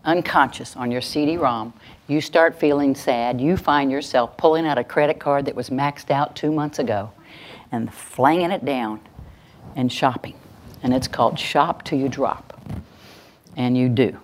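A woman presenter teaching a live parenting workshop to an audience, lively and acting out little scenes in quoted voices. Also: rumbling low, a little slow, a little hiss or hum. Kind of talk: live instructional talk to an audience. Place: venue with stage lights and an audience.

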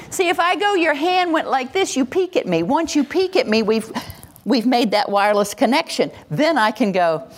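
An older woman presenting a live workshop, lively and demonstrative, acting out examples and leading the audience through exercises. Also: sits high. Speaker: workshop presenter on calming children. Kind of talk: live teaching talk to an audience.

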